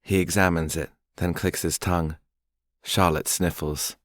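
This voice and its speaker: Deep-voiced guy reading a romance novel, dry close mic, even pace. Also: unhurried, no echo. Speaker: audiobook narrator. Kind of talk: scripted narration.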